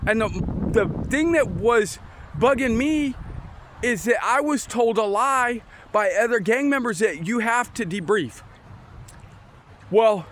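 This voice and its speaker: A man with a high-pitched voice tells his story outdoors in a loose, rambling way, stopping and restarting sentences as he goes. Faint traffic and street noise sit behind him on a windy, overcast day. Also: a bit bright. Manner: rambling, restarts, acts out quoted exchanges. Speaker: storyteller sharing his testimony. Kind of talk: casual personal testimony.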